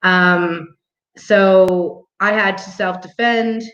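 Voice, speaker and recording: A woman's voice: mid-range voice, steady tone, very slow, a bit bright. A young adult woman telling a story in a casual monologue, blunt and profane, laughing now and then. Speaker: vlog host. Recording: roomy, muffled home recording.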